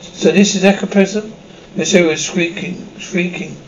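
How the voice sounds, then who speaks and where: A man reads a full episode script aloud, sound cues included, in one plain voice that stumbles and restarts now and then. His voice sits a little high for a man. The recording is dull and lo-fi, with a faint hiss. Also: fairly even intonation, normal speed. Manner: reads every part and the stage directions in one plain voice, with slips and restarts. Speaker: script reader.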